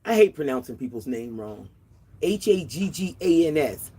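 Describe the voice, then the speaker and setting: Woman, 60s, livestream host; casual chatter outdoors, quick to laugh, greets viewers. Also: on the low side, animated, darkish tone, a little hiss or hum.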